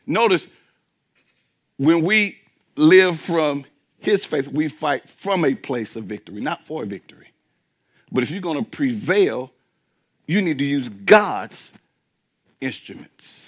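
A man preaching a sermon as pastor, swinging between emphatic peaks and quiet asides and asking the congregation questions. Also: a little high, big pitch swings, takes it slowly, pauses often.

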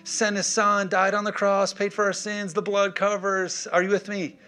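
A man's voice: high voice, level tone, moderate pace, pushed and bright, soft background music. A man preaching a sermon, emphatic and punchy, checking in with his congregation. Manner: emphatic, punchy, call-and-response. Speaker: pastor.

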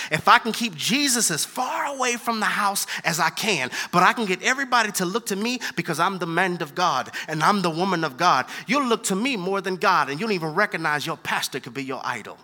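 A man preaching a sermon, animated, moving from hushed asides to loud emphatic lines and using casual slang. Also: high voice.

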